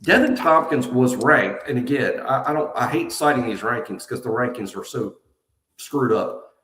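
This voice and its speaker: A man's voice: medium pitch, normal speed, fairly bright tone. Man, sports talk co-host, emphatic, repeats himself, echoey empty room. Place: nearly empty house being moved out of.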